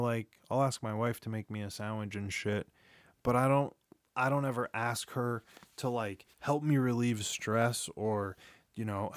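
A man's voice: medium pitch, dry recording, studio quality. A man in his thirties hosting a solo podcast, rambling and confessional, swearing often and restarting his sentences, tired and yawning. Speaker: podcast host. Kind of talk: candid solo podcast monologue. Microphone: studio microphone.

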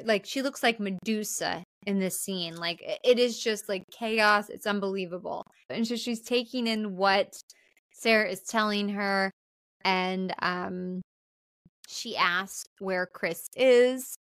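A chatty young woman recapping a film for her podcast, leaning on fillers and the odd swear word. Her voice is mid-pitched and sits in a dry, close sound. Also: steady tone, unhurried, a bit bright, clean tone, no echo. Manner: chatty, frequent "like" fillers, profane. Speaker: podcast co-host.

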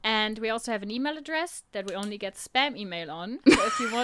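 Woman, podcast co-host, bright and slightly high voice, casual storytelling with self-corrections. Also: expressive, fast talker, hardly any pauses, no echo. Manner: chatty, storytelling with restarts. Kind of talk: casual chat.

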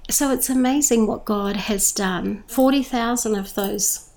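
A woman's voice: a little high, unhurried, a little mellow. A middle-aged Australian woman, a church leader who runs a food charity, telling her story with enthusiasm and emphasis in an interview. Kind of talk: interview testimony.

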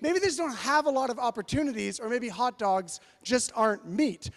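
A man with a high voice preaches to a congregation. He tells stories in an animated, playful way. His voice rings with a long reverb in a large church. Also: brisk. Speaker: pastor. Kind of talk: storytelling sermon.

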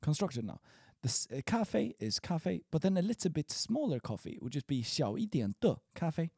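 A man's voice: a little high, sing-song, moderate pace, gravelly, a little mellow, breathy edge, dry recording, clean studio sound. A man teaching a casual spoken language lesson, encouraging and chatty, often trailing off into fillers and restarts.

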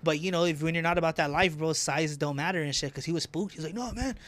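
A young man, a podcast guest, telling animated, slang-heavy stories full of swearing. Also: fairly high pitch, fast talker. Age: young adult. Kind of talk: casual storytelling.

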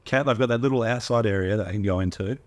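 A man's voice: lowish voice, fast talker. A man co-hosting a casual podcast, rambling and hesitant with many restarts. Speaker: podcast co-host. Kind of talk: casual banter.

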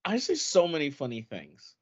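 A man's voice: on the high side, wildly swooping pitch, moderate pace, breathy edge. A man co-hosting a podcast over a webcam call, teasing his partner sarcastically and swearing. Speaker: podcast co-host. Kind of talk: casual comedic movie recap. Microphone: webcam call setup. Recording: muffled lo-fi call audio.

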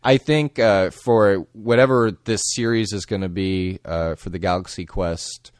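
A man co-hosting a podcast, giving a measured, thoughtful film recommendation with frequent ums. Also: sits low, fairly even intonation, no echo, studio quality. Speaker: podcast co-host. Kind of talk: casual film discussion.

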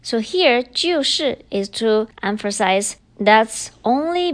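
Lively-voiced woman teaching Chinese. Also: on the high side. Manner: explains slowly, repeats example sentences. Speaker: podcast host and Chinese teacher. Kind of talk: bilingual language lesson.

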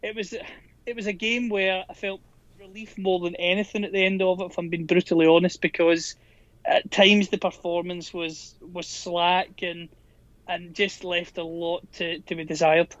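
A man, co-hosting a podcast and giving candid, measured football analysis with frequent restarts. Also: high voice, flat delivery, fairly bright tone, no echo, lo-fi sound. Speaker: podcast co-host. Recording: volume going up and down.

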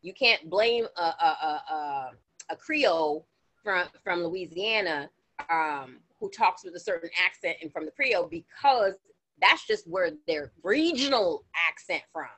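With a lowish, fairly bright voice and lively intonation, a woman who grew up partly in Florida co-hosts a casual podcast. She speaks a little slowly, wandering off on tangents and often starting her sentences over.

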